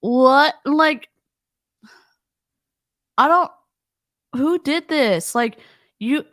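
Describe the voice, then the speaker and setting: A woman's voice: high voice, very slow, a bit bright, no room sound, studio quality. A woman co-hosting a casual livestream, commenting with exasperated, mocking asides. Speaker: livestream co-host.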